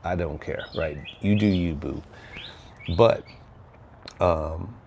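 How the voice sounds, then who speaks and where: A man's voice: sits low, slow, darkish tone, slight background noise. An older man from Texas, hosting a casual livestream chat in a rambling, laid-back way that keeps tagging on "right?", outdoors near his house. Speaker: livestream host.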